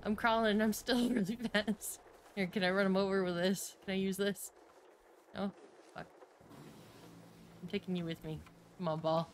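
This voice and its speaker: A young woman streamer commenting on a horror game, excitable and swearing, laughing and yelping when scared. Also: mid-range voice, moderate pace, long pauses, slight background noise. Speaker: gaming streamer. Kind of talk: let's-play commentary.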